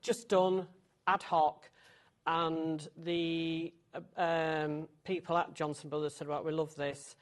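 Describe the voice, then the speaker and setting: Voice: medium pitch, flat delivery, takes it slowly. A guest designer in their sixties, friendly and matter-of-fact, recalling past work in a studio chat.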